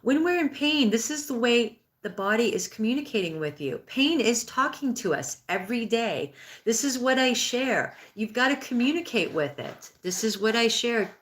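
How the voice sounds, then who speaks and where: A woman's voice: on the high side, animated, normal speed. A woman in her sixties giving a live-streamed spiritual healing talk and answering viewer comments. She speaks earnestly and conversationally, with frequent restarts. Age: 60s. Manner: acts out inner thoughts in a raised, pleading voice.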